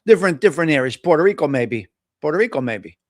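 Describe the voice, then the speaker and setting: A middle-aged man, hosting a casual live coffee talk show and chatting in an animated, storytelling way. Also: fairly high pitch, fast talker, no echo, studio quality. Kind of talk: casual live-stream chat.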